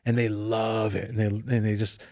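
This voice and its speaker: A middle-aged man chatting as a podcast guest, animated and profane as he tells stories. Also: lowish voice, normal speed, no room sound, clean studio sound. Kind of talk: casual chat.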